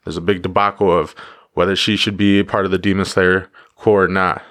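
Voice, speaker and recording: A man's voice: low voice, flat delivery, brisk, a bit bright. A man giving a casual motivational talk, driving his points home with repeated phrases and the odd swear word. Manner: emphatic repetition, casual profanity. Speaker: motivational vlogger.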